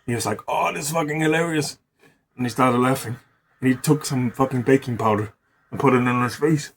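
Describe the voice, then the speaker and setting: A man's voice: medium pitch, steady tone, a little fast, slight background noise. A man improvising a rambling, profanity-laced story in a casual way, often restarting words.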